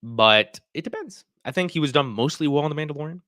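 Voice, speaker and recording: A man's voice: on the high side, animated, quick pace, sharp tone, dry recording, clean studio sound. A man hosting a casual livestream, chatting and reacting to viewer comments. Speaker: livestream host.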